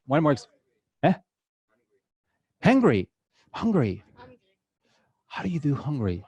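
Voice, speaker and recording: Before an audience in an event hall, a Mexican-accented man chats and jokes through a live drawing workshop, peppering it with "uh"s. His voice is a little high, sing-song, darkish and slightly rough, his pace a bit quick, and the recording is dry.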